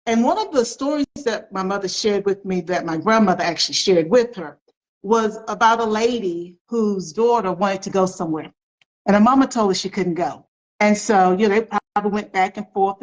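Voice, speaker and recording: A woman's voice: medium pitch, moderate pace, poor audio. A middle-aged woman author, telling family stories in an interview with emphatic repetition. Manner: emphatic storyteller, repeats phrases for effect. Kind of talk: storytelling in an interview.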